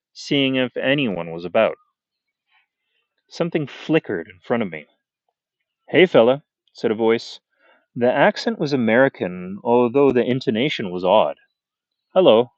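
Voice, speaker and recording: A man reading a first-person story aloud at a middle pitch. He keeps a measured pace with natural pauses and audible breaths. The recording is close and dry, with a slightly dull tone. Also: dry recording. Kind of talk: unedited audiobook reading.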